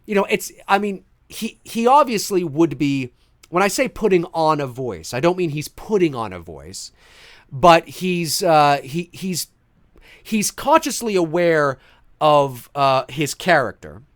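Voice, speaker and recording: A man hosting a casual podcast chat, fairly high-pitched, with a lively pitch that swings up and down. He rambles, restarts his sentences and piles on fillers. The recording is dry and close, with no room sound. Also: a little slow, no echo. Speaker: podcast host.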